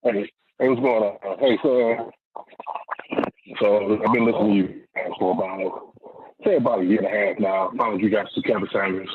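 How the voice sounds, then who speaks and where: A man calling in to a talk show, telling a long story in a rambling, animated way and swearing freely. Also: on the low side, moderate pace, a little hiss or hum. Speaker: caller. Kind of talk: casual storytelling on a call-in show. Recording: muffled phone line.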